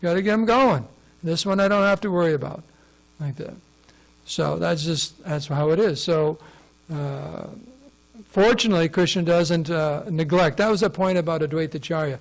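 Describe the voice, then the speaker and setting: In poor audio, a man with a slightly high, creaky voice speaks at normal speed while giving a scripture class. His tone is conversational, and he frequently asks his listeners questions.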